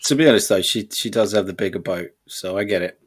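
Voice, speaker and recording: A man's voice: lowish voice, fast talker, slightly rough. A man co-hosting a casual film chat, joking, swearing and slipping into impressions. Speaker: podcast co-host.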